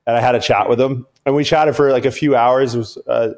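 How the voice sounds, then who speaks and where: A man talking as a podcast guest, telling stories in a rambling, profane and animated way. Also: mid-range voice, quick pace. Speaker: podcast guest, performance coach. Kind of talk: casual podcast conversation.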